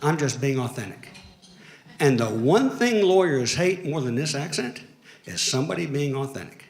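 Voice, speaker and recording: A man from Alabama with a Southern accent performing a deadpan, self-mocking stand-up comedy set on stage. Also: medium pitch, moderate pace, roomy sound. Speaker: lawyer doing stand-up. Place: comedy stage before a live audience.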